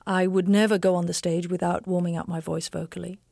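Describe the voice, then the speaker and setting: An English stage actress answering interview questions in an articulate, emphatic, opinionated way. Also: female voice, lowish voice, flat delivery, a little fast, creaky, dark tone, no room sound, studio quality. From England.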